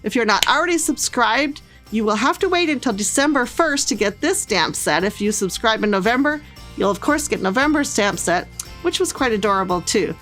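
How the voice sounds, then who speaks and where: A middle-aged woman shows off craft stamps in a bubbly, gushing way, calling lots of things "little" and "cute." Her fairly high, fairly bright voice moves briskly with lively intonation, and faint music plays behind her.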